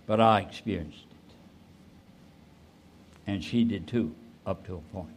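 A man in his eighties, a pastor telling a personal story in a sermon, rising suddenly and trailing off softly. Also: deep voice. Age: 80s. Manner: slow, with sudden rises and soft trailing endings.

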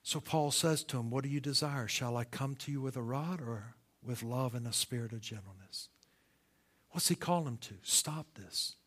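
A middle-aged man preaching a sermon, moving between quiet storytelling and loud, impassioned calls. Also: medium pitch, moderate pace, slightly rough. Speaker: pastor.

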